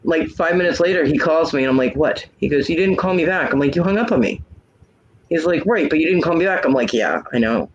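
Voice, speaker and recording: A man's voice: a little high, lively intonation, fairly quick, lo-fi sound, a little hiss or hum. A man telling a story in casual chat, frank and blunt, acting out both sides of the arguments he describes. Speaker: hangout host.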